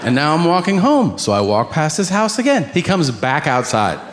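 A man's voice: a little high, sing-song, moderate pace, a little hiss or hum. A man doing a stand-up routine, telling a story with quoted dialogue. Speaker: stand-up comedian.

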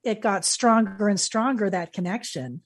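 Host: woman, mid-pitched voice, engaged interviewer with follow-up questions. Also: normal speed. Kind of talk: interview conversation.

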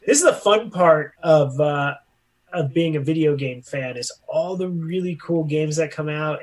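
Guy cohosting a podcast, kinda high voice, loose and jokey. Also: unhurried. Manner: jokey, riffs into goofy voices. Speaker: podcast co-host. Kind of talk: casual chat.

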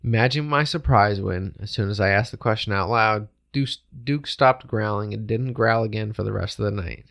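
A man reading a ghost story aloud in a steady, matter-of-fact way, chatting with a co-host between passages. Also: on the low side, moderate pace, vocal fry, few pauses.

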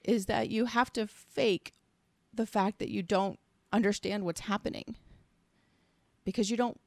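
Earnest woman chatting on a podcast, bit of vocal fry, dry close sound. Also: medium pitch, steady tone, unhurried, no room sound. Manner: earnest and reflective, speaks in long searching sentences. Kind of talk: casual conversation.

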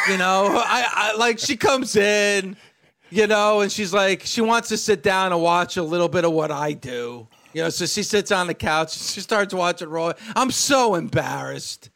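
A man co-hosting a casual wrestling talk show, ranting in an animated way and laughing often. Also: high voice.

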